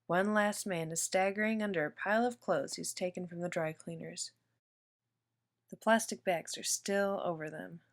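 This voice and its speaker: A woman's voice: fairly low pitch, fairly even intonation, moderate pace. Woman reading a picture book aloud. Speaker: storyteller.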